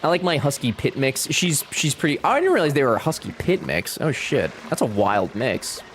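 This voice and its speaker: A man's voice: mid-range voice, sing-song, moderate pace, a little hiss or hum. Chatty young man streaming a game. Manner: chatty, joking, talks back to chat. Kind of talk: casual live-stream chat.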